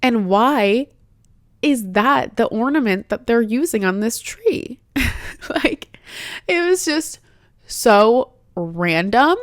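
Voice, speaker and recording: A woman's voice: on the high side, lively intonation, slow pace, no echo, clean studio sound. A woman in her twenties hosting a candid personal podcast, chatting in a heartfelt way with many "like" fillers. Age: 20s. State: tearful, emotional at times. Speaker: podcast host.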